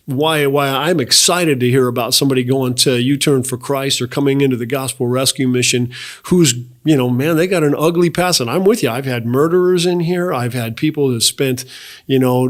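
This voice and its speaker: A man hosting an interview as a mission director, speaking in an earnest, impassioned conversational way. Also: medium pitch. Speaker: host, director of a residential rescue mission.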